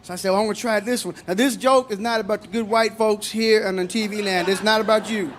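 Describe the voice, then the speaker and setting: Performing stand-up live, a middle-aged man talks fast in a high, steady voice, tossing out punchlines conversationally. The stage microphone catches a little hiss or hum and loud bursts of laughter from the audience.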